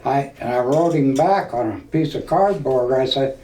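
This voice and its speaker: Slow and folksy, a man in his seventies from Nebraska shares his veteran's stories for an oral history interview in a warm, mid-range voice. A distant mic picks him up in a roomy space, and there's a faint hiss.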